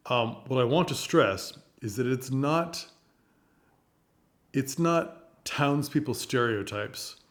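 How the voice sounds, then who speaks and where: A man giving a casual spoken review of a stage play, rambling and thinking aloud with animated asides. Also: mid-range voice, slow pace. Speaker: theater reviewer.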